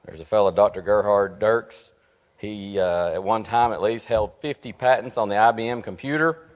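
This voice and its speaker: Earnest man teaching a church Bible study. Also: fairly low pitch. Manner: earnest, asks rhetorical questions, slows down to stress points. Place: church meeting room. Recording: long reverb in a church room.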